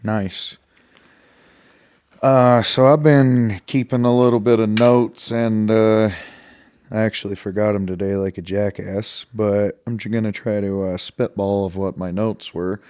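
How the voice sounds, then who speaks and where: A man's voice: fairly low pitch, steady tone, measured pace, a little mellow, smooth, dry recording. A man co-hosting a podcast, chatting in a laid-back, self-deprecating way and asking his co-host questions. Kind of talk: casual chat.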